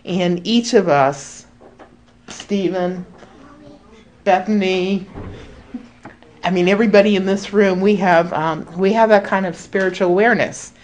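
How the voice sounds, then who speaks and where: A woman speaking earnestly and reflectively to a group, explaining ideas with frequent pauses and fillers. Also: mid-range voice, fairly even intonation, darkish tone, slight background noise. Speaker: speaker leading a spiritual group talk.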